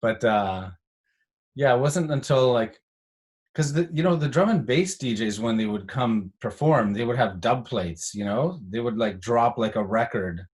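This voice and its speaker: A man's voice: mid-range voice, a little slow. A man hosting a casual chat, telling stories in a rambling way, full of "like" fillers. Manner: rambling, animated storyteller with many "like" fillers. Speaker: host.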